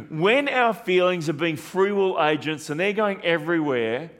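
A man delivers a sermon in a fairly high voice. He preaches earnestly, repeating phrases and posing rhetorical questions to his listeners. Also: expressive, measured pace, a bit bright. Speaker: pastor.

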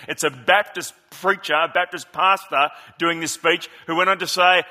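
Bright-voiced, high-pitched preacher in conversation mode. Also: male voice, steady tone. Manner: conversational preaching with rhetorical questions and quick asides. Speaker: pastor. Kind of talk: sermon.

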